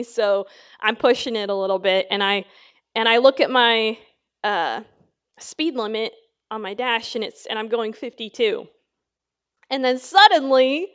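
A woman's voice: a little high, smooth, lo-fi sound. A woman teaching the Bible in a casual, conversational sermon, telling a story with lots of fillers. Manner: chatty storytelling with many fillers.

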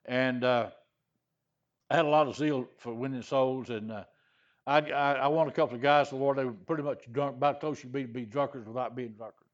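A man's voice: medium pitch, steady tone, brisk, dull audio. An older man from Louisiana preaching a sermon, telling a personal story in a folksy, rambling way full of "he said" and "uh". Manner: folksy, repetitive "he said" storytelling with frequent "uh" fillers. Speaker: pastor.

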